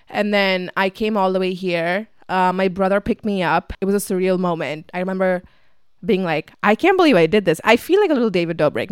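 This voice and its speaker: A woman's voice: mid-range voice, smooth, dry recording, studio quality. A young woman telling a casual storytime vlog, chatty and swearing freely with lots of fillers. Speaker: vlogger.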